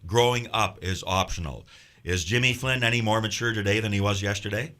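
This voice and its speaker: A man's voice: fairly low pitch, brisk, fairly bright tone. A man hosting a casual radio interview and chatting in friendly banter with his guest. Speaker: radio host. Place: radio studio.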